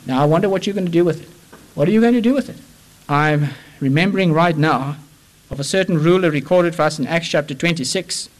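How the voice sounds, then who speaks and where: A man's voice: fairly high pitch, low-quality recording. A man preaching an evangelistic sermon with impassioned, rising and falling emphasis.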